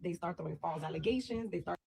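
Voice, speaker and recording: A woman's voice: fairly low pitch, quick pace, gravelly, a little mellow, breathy edge. A woman from the Dominican Republic delivering a blunt, profane social media rant.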